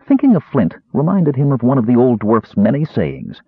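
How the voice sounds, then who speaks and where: A man narrating a fantasy audiobook with a very expressive delivery. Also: medium pitch, normal speed, breathy edge, no room sound. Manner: very expressive, wide-ranging delivery. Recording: dry, tinny phone-like sound.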